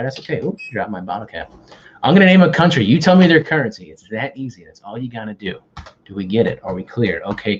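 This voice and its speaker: On a muffled recording with slight background noise, a medium-pitched man runs an online quiz. He keeps up casual, joking banter and pokes fun at himself.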